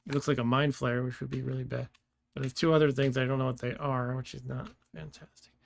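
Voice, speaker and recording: A man's voice: mid-range voice, level tone, fast talker, gravelly. A man giving casual let's-play commentary, thinking aloud and laughing often, with keyboard clicks behind him. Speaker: gameplay streamer.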